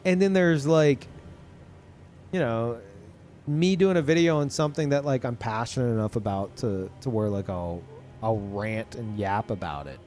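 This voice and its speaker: A man talking casually to his live-stream chat, who calls his own voice monotone. He rambles with many fillers and restarts and swears often. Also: mid-range voice, moderate pace, faint music behind. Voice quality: self-described monotone.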